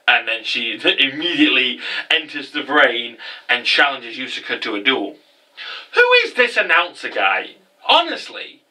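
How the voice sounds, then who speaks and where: A man's voice: mid-range voice, very animated, measured pace, sharp tone, far from the mic, rough recording. Chatty, sweary man recapping. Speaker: anime episode reviewer. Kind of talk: casual episode recap.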